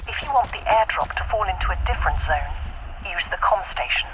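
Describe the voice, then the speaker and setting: A woman voicing a calm female game announcer who gives survival warnings in a low, partly whispered delivery. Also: a little fast, noisy background, lightly acted. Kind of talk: scripted game announcer lines.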